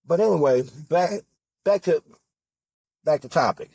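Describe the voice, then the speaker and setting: Slow, deliberate male political candidate, husky timbre, hammering rhetorical questions. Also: on the high side, animated, darkish tone, dry recording. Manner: rhetorical questions, emphatic repetition. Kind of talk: impassioned political monologue.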